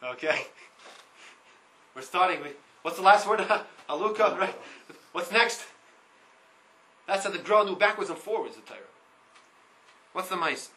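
Male Torah teacher, high and forceful, reads Hebrew lines and translates each one, lively, repeats himself, faint background hiss. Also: a little slow, long pauses, rough recording. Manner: animated, repeats words. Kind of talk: Torah class.

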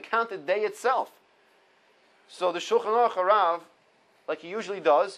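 A Torah teacher with a high-pitched voice leads an informal halacha class, reading Hebrew sources aloud and explaining them in English one step at a time. He repeats the key points and blends Hebrew quotes into his English. The recording quality is low.

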